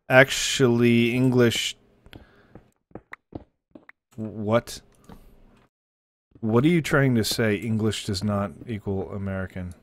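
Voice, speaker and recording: A man's voice: on the low side, slow, pauses often. A man chatting casually on a live stream while gaming, rambling and joking as he slips in and out of put-on accents.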